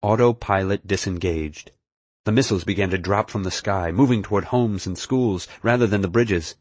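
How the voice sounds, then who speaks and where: A man's voice: fairly low pitch, brisk, husky, no echo. A man narrating an audiobook in the first person, telling the story expressively.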